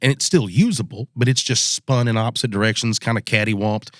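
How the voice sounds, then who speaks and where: Fairly quick and mid-range, this man's voice carries a spooky hunting story on a podcast, recorded studio-clean with no echo. The co-host tells it like an easygoing Southern storyteller, putting on the voices of the people he quotes.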